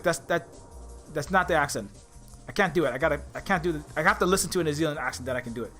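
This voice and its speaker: A man's voice: on the high side, very fast, fairly bright tone, faint music behind. A man from Hawaii giving earnest, rambling video commentary, reading quotes aloud as he goes. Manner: earnest, rambling, often restarts mid-thought. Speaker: indie game developer.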